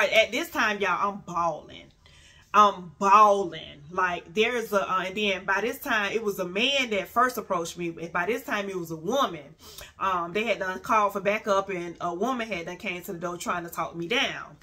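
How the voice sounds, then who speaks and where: A woman telling a casual story, animated and profane, acting out every quote. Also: mid-range voice, moderate pace.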